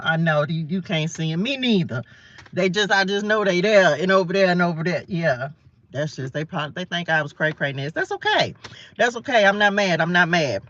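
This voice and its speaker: Chatty woman, bright tense voice. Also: medium pitch, dry recording, dull audio. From Southern United States. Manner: chatty, playful, laughs at herself. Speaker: host of a Bible study livestream. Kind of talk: casual morning Bible study chat. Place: parked car.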